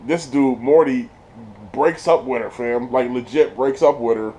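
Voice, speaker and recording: A man giving a casual spoiler review of a TV episode, slangy and excited, laughing often as he retells scenes. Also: mid-range voice, unhurried.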